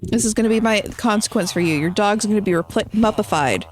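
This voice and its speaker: A woman live-streaming a game, talking to her chat in a loose, chatty way. She jokes, teases viewers and rambles on between moves, at a middle pitch for a woman. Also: fast, slight background noise. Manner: chatty, playful, teasing chat and reading out messages.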